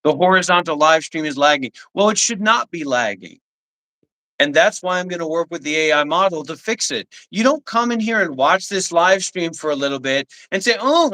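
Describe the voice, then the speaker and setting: A man's voice: a little high, sharp tone, poor audio. A man hosting a livestream, talking intensely, scolding viewers and rambling as he dictates instructions. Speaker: livestream host. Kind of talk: livestream talk.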